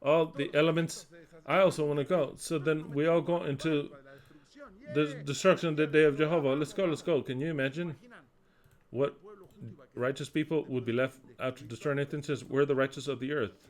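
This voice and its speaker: A man preaching a sermon, reading scripture aloud and commenting on it with sarcasm and crude swearing, swinging from loud declamation to low muttering. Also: steady tone, normal speed.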